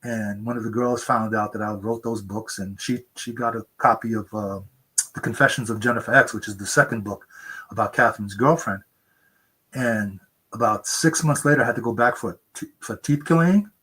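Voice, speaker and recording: Speaking at normal speed, this man in his seventies has a husky voice with a sharp edge. He's an author guest in a conversational interview, earnestly spinning stories and slipping into a high voice to act out quotes. The remote interview mic makes for poor audio.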